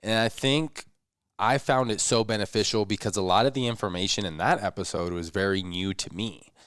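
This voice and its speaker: A man co-hosting a podcast in casual chat, laughing easily and getting animated when telling stories. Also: fairly low pitch, fairly quick, smooth, no room sound, studio quality. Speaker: podcast co-host.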